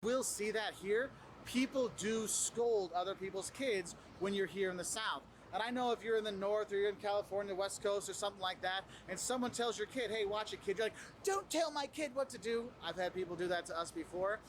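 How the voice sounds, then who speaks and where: A man presenting travel tips in casual advice to the camera, animated and acting out what other people say. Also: sits high, brisk, slight background noise. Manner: animated, acts out quoted people.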